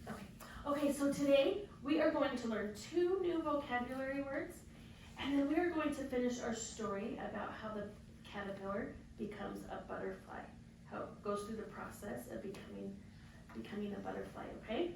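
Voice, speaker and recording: A woman teaching kindergarten children, speaking in a drawn-out, sing-song way and giving bright praise. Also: a little high, gravelly. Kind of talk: classroom teaching to young children. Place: classroom with children. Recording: very echoey classroom, mic far off, faint hiss.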